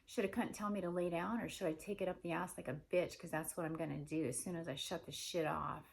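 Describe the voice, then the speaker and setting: A woman's voice: lowish voice, fairly even intonation, quick pace, gravelly. A woman talking alone in a rambling monologue, stringing run-on questions together with heavy swearing.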